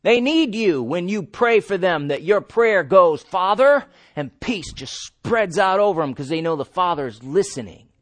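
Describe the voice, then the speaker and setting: A man's voice: sits high, animated, normal speed, few pauses, dry recording. A man preaching a sermon emphatically, asking his listeners questions and answering them himself, with the odd chuckle.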